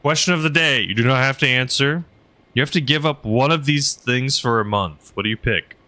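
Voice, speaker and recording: A man's voice: medium pitch, a little fast, sharp tone. A young man streaming a game, chatting casually while he flies and reads chat, rambling with lots of fillers. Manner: rambling, filler-heavy, laughs often. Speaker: streamer flying a helicopter.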